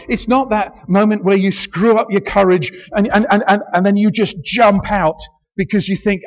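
A man's voice: sits high, moderate pace. A man preaching a sermon in a church, earnest, often restarting his sentences and building in emphasis. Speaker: pastor. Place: church hall. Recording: dull, hall reverb.

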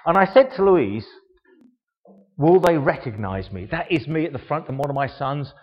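A man's voice: a little high, expressive, normal speed, slightly rough. Chatty older man in an echoey hall. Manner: chatty, self-mocking, rhetorical questions. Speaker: speaker giving a talk. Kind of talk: informal show-and-tell talk. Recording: echoey hall, dull sound.

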